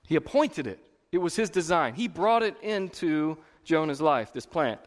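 A man's voice: fairly high pitch, big pitch swings, normal speed, big-room sound. A man preaching a sermon as pastor, conversational, swelling into emphatic repeated phrases. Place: church.

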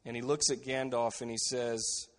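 A man preaching a sermon as a pastor, earnest and steady, dropping to a quiet voice to stress key phrases. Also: mid-range voice, moderate pace, big-room sound.

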